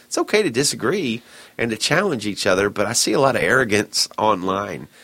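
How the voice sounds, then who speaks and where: A man's voice: on the low side, lively intonation, brisk, a bit bright, no echo. A man co-hosting a casual podcast chat, speaking in an earnest, opinionated way. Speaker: podcast co-host.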